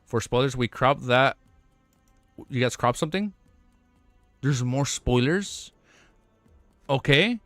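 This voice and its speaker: Male streamer, mid-pitched, voice a bit worn, reading a book aloud with stumbles and emotional asides, dry close sound. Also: expressive, takes it slowly, pauses often, fairly bright tone, dry recording, soft background music. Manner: stumbles and rereads lines, emotional, swears casually. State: voice getting worn. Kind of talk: reading a novel aloud on a livestream, with reactions.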